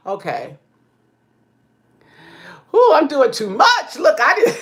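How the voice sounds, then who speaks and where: A woman vlogger with a high voice and vocal fry chats with her viewers, animatedly telling stories, laughing and whooping often, and asking "okay?" along the way. She's in an indoor room with pink walls.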